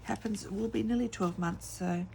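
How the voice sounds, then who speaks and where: Gravelly woman chatting while crafting. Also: medium pitch, fairly even intonation, normal speed, warm tone, a little hiss or hum. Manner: rambling storytelling with many fillers. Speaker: craft vlogger. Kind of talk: casual chat while crafting.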